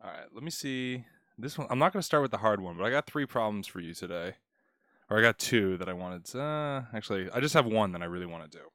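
A man's voice: on the low side, expressive, fast talker, bright, forceful tone, no echo. Laid-back young man tutor, dry and close. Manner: laid-back, chatty, greets viewers by name. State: out of breath. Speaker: test prep tutor streaming live. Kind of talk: casual livestream chat.

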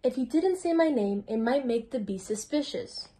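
A woman's voice: on the high side, expressive, moderate pace, warm tone, lightly acted. A teenage girl reading the lines of a mild, thoughtful male bear in a children's storybook. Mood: gentle.

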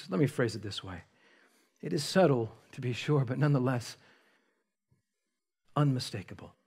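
A man preaching a sermon as pastor, speaking emphatically with dramatic pauses and rising intensity. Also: mid-range voice, husky. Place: church sanctuary.

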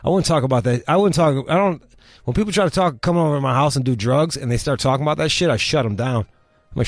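A man's voice: medium pitch, fast talker, dry recording. A man hosting a comedy talk show, riffing bluntly and swearing constantly. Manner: blunt, swears constantly, riffs with mock voices. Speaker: podcast host. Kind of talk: profane comedic commentary.

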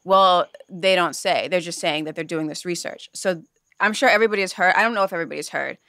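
Woman podcast co-host who explains the news. Smooth, lower voice, recorded close and dry. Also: quick pace, sharp tone, dry recording. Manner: earnest explainer, laughs easily. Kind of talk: casual chat, explaining news.

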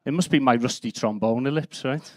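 A man in his fifties with a broad Scouse accent delivers stand-up on a comedy club stage. His speaking pitch sits in the ordinary middle range. His manner is brash and sweary, with punchy storytelling, and his voice sounds dry and close with little room echo. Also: normal speed. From Liverpool, England. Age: 50s. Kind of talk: live stand-up set.

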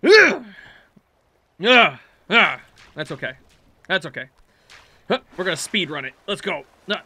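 A man doing let's play commentary, yelling at his character and swinging from muttered self-talk to loud shouts. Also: a little high, fairly quick. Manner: jokey self-talk while playing. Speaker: gaming channel host.

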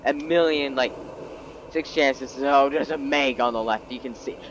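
A man's voice: medium pitch, a little slow, dull audio, background noise. Exasperated man narrating his sinking ship. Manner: self-mocking, exasperated. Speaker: gameplay video creator. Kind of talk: gameplay commentary.

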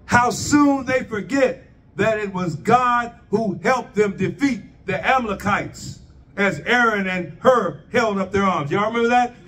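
A man's voice: sits high, unhurried, a bit bright, distant mic, slight background noise. A man preaching a sermon, asking the congregation rhetorical questions and drawing their responses.

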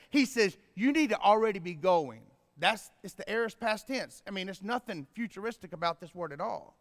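A man preaching a sermon as pastor, swinging from quiet explaining to loud emphatic bursts. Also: high voice, lively intonation, fairly quick, hardly any pauses. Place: church sanctuary. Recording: long reverb in a church hall.

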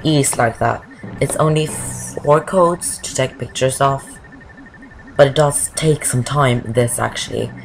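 A woman with an extremely low, gravelly voice talks at a measured pace in casual Let's Play commentary, rambling over a video game walkthrough and frequently drifting off topic. Game music plays in the background of the low-quality recording.

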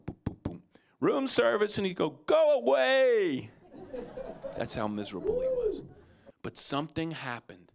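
Male preacher, storytelling sermon, lively pitch swings. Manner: animated, acts out quotes with big pitch jumps.

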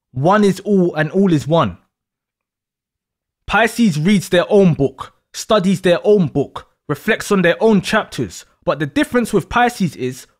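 A man hosting an astrology video, explaining in an emphatic, deliberate monologue. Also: high voice.

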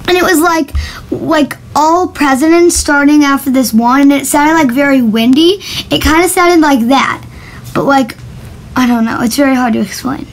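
A woman's voice: sits high, slight background noise, poor audio. A female vlogger chatting casually to camera in a giggly, self-conscious way as she tries out a voice app.

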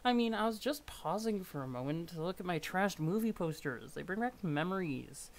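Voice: medium pitch, animated, normal speed, pitched above the performer's own voice, close to an everyday voice. A streamer voicing an easygoing, mildly sarcastic teenage boy while reading a webcomic aloud on stream. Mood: wry.

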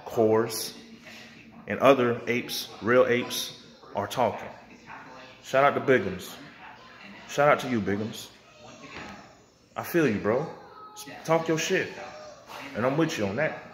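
Slow and often pausing, a medium-pitched man rants to camera in a hot, confrontational, profane way. He's a vlogger and music producer who occasionally mocks others with put-on voices.

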